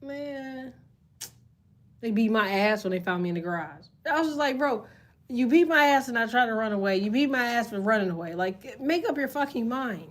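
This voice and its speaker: Woman streamer, AAVE speaker, animated and profane storyteller, slightly high-pitched. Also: normal speed. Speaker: live streamer reading chat. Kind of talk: casual storytelling chat.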